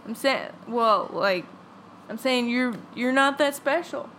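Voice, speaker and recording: A woman's voice: on the high side, takes it slowly, a bit bright, a little hiss or hum. A young woman co-hosting a movie commentary, chatting casually, playful and teasing with frequent giggles. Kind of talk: casual joking chat.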